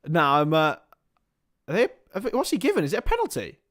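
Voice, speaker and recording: A man hosting a live football watchalong stream, swinging between excitable play-by-play and chatty asides with casual swearing. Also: fairly high pitch, fairly quick. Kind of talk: casual live match commentary.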